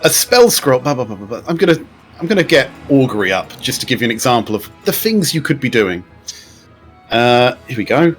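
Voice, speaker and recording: A man running a tabletop role-playing game as game master. His voice swings up and down in an animated way as he lays out the players' options. He explains things and jokes along as he goes, with faint music in the background. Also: medium pitch, brisk. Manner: lively, explanatory, jokey.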